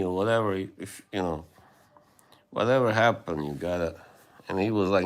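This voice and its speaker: A man hosting a livestream, chatting casually with viewers in a rambling, hesitant way with many fillers and soft laughs. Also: fairly low pitch, normal speed. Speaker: livestream host.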